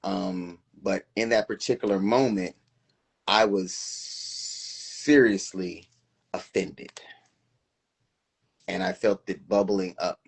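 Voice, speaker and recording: A man's voice: deep voice, steady tone, slow, gravelly, pauses often, slightly rough. A middle-aged man co-hosting a casual live-stream chat, talking in a reflective, earnest way. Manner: reflective, earnest, self-questioning. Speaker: co-host.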